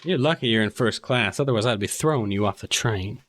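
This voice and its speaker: Male GM as a gruff train guard, bright tone, clipped threats. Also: fairly low pitch, a little fast. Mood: stern. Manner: curt, scowling.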